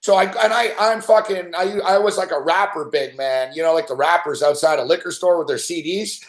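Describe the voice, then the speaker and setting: A middle-aged man spins a rambling story in casual chat, swearing every few words. His voice sits a little high for a man. The room around him rings with a noticeable echo. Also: a little fast. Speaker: sports betting show regular. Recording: roomy echo.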